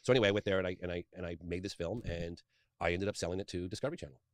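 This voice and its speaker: Fast-talking deep-voiced man telling stories. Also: no echo, clean studio sound. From England. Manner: rambling, eager storyteller with frequent restarts. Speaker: documentary filmmaker, interview guest. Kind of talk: long personal storytelling in an interview.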